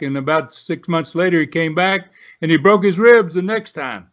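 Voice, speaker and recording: A man's voice: a little high, moderate pace. Older man telling stories over a dull line. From southern United States. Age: 70s. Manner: rambling with many fillers and restarts. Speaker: guest, retired pro wrestler. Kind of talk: casual storytelling.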